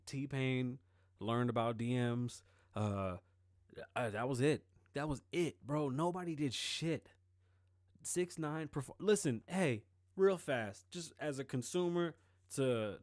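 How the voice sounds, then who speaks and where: A man's voice: mid-range voice, no echo. A man in the middle of the usual male range talks in a loose, rambling way, swearing freely and joking to his audience. The sound is close and dry, with almost no room around it. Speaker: show host. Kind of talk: casual solo commentary.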